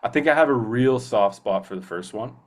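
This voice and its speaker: Animated and pitched in the middle range, this male voice actor rambles happily through a laid-back interview as a guest. He stumbles over fillers and restarts his thoughts often, breaking now and then into brief film-character impressions.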